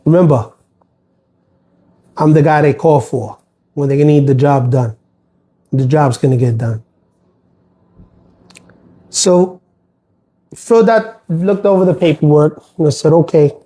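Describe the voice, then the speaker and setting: A man's voice: fairly high pitch, measured pace, long pauses, warm tone. Aggrieved man rambling on a livestream. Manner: aggrieved, rambling, many fillers and restarts. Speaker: postal worker livestreaming. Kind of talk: casual livestream monologue.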